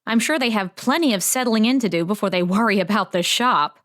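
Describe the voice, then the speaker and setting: A woman's voice: mid-range voice, brisk, a bit bright, close to an everyday voice. A woman voicing a theatrical, gossipy small-town woman in an audiobook, coy and fond of drama. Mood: gossipy, dramatic. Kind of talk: audiobook character voice.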